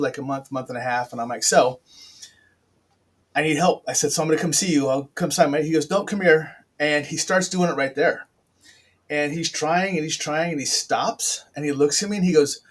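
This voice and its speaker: A middle-aged man hosting a casual chat, telling a personal story in a rambling, upfront way with many restarts. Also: on the high side. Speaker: podcast host.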